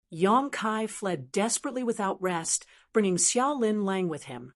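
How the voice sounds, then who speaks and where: A woman narrating a fantasy audiobook in a steady, even-paced reading. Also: medium pitch, moderate pace.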